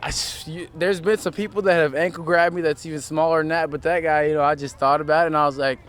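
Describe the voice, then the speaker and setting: A teenage high school football player answering questions in a relaxed way, rambling with lots of fillers, outdoors at a field. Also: male voice, fast talker. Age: teens. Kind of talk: casual interview.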